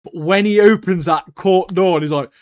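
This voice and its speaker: A young man co-hosting a podcast, talking in excitable, slangy casual chat and saying "mate" a lot. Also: high-pitched, normal speed, smooth, no room sound. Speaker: podcast co-host.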